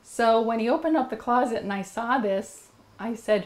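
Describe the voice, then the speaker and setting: A woman as an interview guest, telling a personal story in an earnest, rambling way with many fillers and restarts, and growing animated when she quotes herself. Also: fairly high pitch, normal speed.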